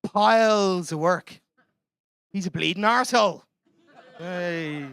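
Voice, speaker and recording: A man's voice: high-pitched, moderate pace, pushed and bright, clean tone. A young Irish man doing a chatty, self-mocking stand-up comedy set in a club. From Ireland.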